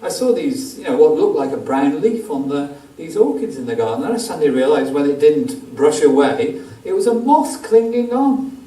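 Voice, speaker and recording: A man's voice: on the high side, big pitch swings, moderate pace, dark tone. A man giving a rambling, self-deprecating slide talk about moths to a club audience, with many ums along the way. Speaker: guest speaker, wildlife photographer. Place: theatre auditorium. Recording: echoey hall from far off, faint hiss.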